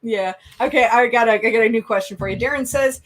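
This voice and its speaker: A woman with a Minnesota accent co-hosts a casual live show. She reads out viewer comments and laughs often, and her voice sits somewhat high. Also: quick pace, hardly any pauses. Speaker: co-host.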